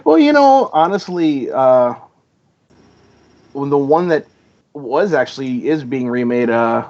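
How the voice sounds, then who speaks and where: A man's voice: mid-range voice, expressive, slow pace, darkish tone. A man chatting as a podcast guest, rambling and filling his talk with "you know", acting out quoted dialogue. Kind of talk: casual podcast chat. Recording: dull lo-fi audio.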